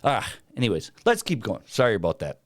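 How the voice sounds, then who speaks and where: A man hosting a reaction video, talking in a slow, hesitant way with many fillers and restarts. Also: lowish voice, huge pitch swings, dry recording. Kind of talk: casual commentary.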